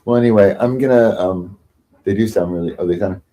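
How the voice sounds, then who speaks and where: Speaking fairly quickly in a lowish, dark-toned voice, this man hosts a livestream. He rambles through a rant that's sarcastic and self-pitying, often poking fun at other people.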